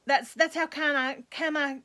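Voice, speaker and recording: Soft-spoken woman gushing over dolls. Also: high-pitched, fairly even intonation, normal speed. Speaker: reborn doll collector and channel host. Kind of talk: casual chat to viewers.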